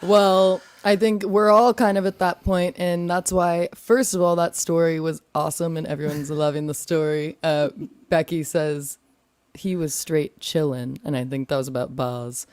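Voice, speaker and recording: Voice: medium pitch, fairly even intonation, moderate pace, a little mellow, clean tone, dry recording. Upbeat host on a dry close mic. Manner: upbeat, chatty, reacts with laughs. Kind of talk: live-stream interview chat.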